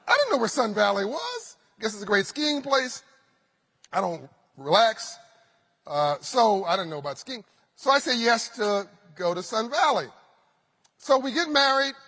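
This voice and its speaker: Male forum host, high-pitched, telling funny stage anecdotes in a big echoing hall. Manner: animated anecdotal storytelling with humor. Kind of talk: storytelling keynote speech. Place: conference stage. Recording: reverberant conference hall.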